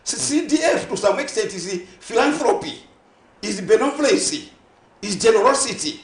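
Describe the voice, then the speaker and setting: In a passionate on-air discussion, a male morning TV show guest with a Zambian accent drives his point home, piling on synonyms and asking if the audience follows him. His animated voice sits high at a moderate pace, and the studio sounds roomy.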